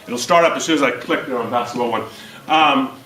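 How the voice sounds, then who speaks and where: A man with a Northern Irish accent giving an animated workshop talk to a live audience, acting out reactions with sudden loud outbursts. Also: mid-range voice, fairly quick, slight background noise. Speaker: workshop speaker. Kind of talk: lively audience presentation. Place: seminar room with live audience. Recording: echoey room, speaker far from mic.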